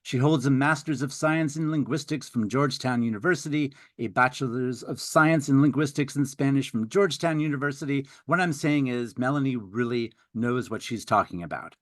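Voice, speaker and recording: A man's voice: mid-range voice, moderate pace, few pauses, fairly bright tone, dry recording. A man in his fifties hosting a live webinar, introducing the speaker in a theatrical, upbeat and playful way. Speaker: webinar host.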